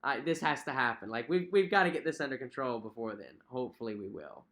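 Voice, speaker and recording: A young man chats casually on a home livestream, reading out viewer comments and reacting in a friendly way. His voice sits in a middle pitch, and he leans on fillers and repeated phrases as he talks. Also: animated, fast talker, fairly bright tone. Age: young adult. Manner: chatty, friendly, repeats himself, frequent fillers. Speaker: cruise vlog host.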